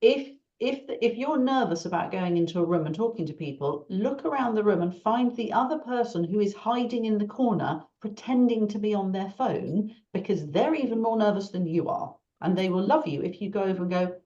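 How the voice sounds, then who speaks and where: A woman, a marketing consultant hosting an online Q&A, chatty and animated, acting out small talk. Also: medium pitch, brisk, hardly any pauses. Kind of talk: casual online Q&A. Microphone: video call. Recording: dull lo-fi video call audio.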